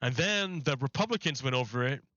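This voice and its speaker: A man's voice: mid-range voice, animated, fairly quick, pushed and bright, no room sound, dull audio. Sardonic man ranting on a stream. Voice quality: sardonic, laughs often. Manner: rambling, mocking political rant. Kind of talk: casual live-stream chat.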